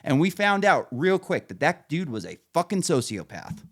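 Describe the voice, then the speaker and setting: A man's voice: fairly high pitch, sing-song, moderate pace, fairly bright tone. Profane rambling male podcast host. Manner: profane, rambling, laughs at own stories. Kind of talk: casual storytelling chat.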